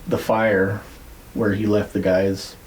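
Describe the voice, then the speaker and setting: A man's voice: lowish voice, level tone, takes it slowly, a little hiss or hum, poor audio. A man hosting a podcast, retelling a story in a loose, rambling way with lots of "like" and casual swearing. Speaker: podcast host.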